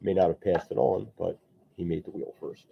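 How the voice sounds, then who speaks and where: A man with a very low, gravelly, husky voice rambles casually to his stream viewers as he works on a sculpture. The audio is thin and tinny, like a phone line. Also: normal speed. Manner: rambling, chatty, answers viewer comments. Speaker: sculptor streaming while working. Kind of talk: casual live-stream chat while sculpting.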